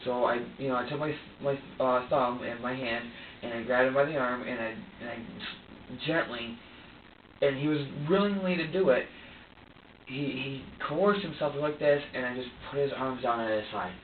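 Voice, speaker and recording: A man being questioned by police in an interview room, talking in halting bursts with stumbling restarts and repeats. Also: medium pitch. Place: sheriff's office interview room. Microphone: distant room recorder. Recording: tinny, echoey room audio from far off, faint hiss.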